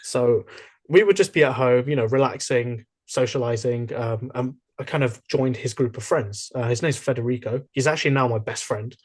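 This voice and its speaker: A young man chatting as a podcast guest, telling stories in a lively way with many fillers and restarts. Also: mid-range voice, normal speed. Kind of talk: casual interview chat.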